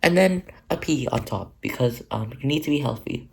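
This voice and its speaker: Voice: medium pitch, expressive, normal speed, gravelly, noisy background. A crafting vlogger narrating their own paper project in a rambling, chatty, self-mocking way. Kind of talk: casual narrated crafting vlog.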